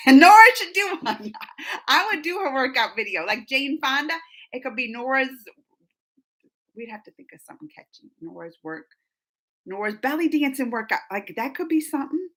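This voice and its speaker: A woman hosts a casual live-stream chat, reading viewer comments aloud and answering them. Her voice sits a little high and sounds very bright. She talks in an animated way, laughing and gasping often. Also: moderate pace. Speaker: reaction channel host.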